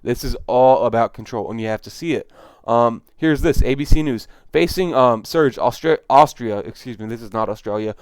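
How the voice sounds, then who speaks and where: A man's voice: medium pitch, normal speed, hardly any pauses, clear, resonant tone, no room sound, studio quality. A man giving casual, exasperated commentary on news clips, repeating his points for emphasis. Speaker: video commentator.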